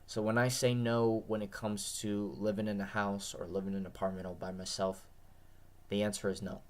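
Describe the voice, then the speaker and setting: Speaking at a normal speed in a low-leaning voice that barely shifts in pitch, a weary vlogger with a parched throat talks to his audience. He's sincere but repetitive, wandering and frequently restarting his sentences.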